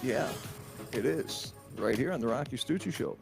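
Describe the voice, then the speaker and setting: A man's voice: medium pitch, lively intonation, normal speed, gravelly, over music. A man hosting a podcast, wrapping up the show in a playful, rambling way with some swearing. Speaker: podcast host. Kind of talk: casual chat.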